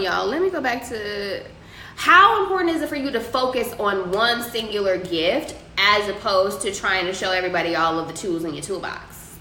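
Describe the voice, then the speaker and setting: With a slightly high voice that sounds pushed and bright, a young livestream host goes through viewer comments and offers casual, profane advice. The recording comes from an echoey room with a faint ambient hum.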